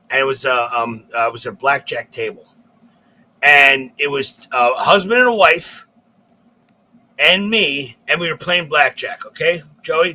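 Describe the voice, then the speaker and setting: A man co-hosting a comedy podcast, telling a rambling, profane, animated story. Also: a little high, low-quality recording.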